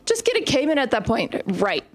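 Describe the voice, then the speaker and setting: A woman's voice: sits high, huge pitch swings, moderate pace. Chatty young woman streaming a game. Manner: chatty, storytelling while playing. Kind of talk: casual gaming stream chat.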